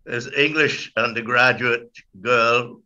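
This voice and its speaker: Guest speaker, man in his 80s, wry storyteller, bright tone, dull call audio. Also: mid-range voice, takes it slowly. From Guyana. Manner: relaxed, wry, hesitant fillers. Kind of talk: casual anecdotal storytelling.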